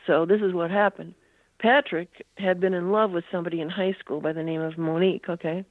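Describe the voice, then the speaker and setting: A woman's voice: lowish voice, fairly even intonation, brisk, dry recording. An older woman, a guest author, telling a long story in an interview and filling it with "you know" asides. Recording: tinny phone line.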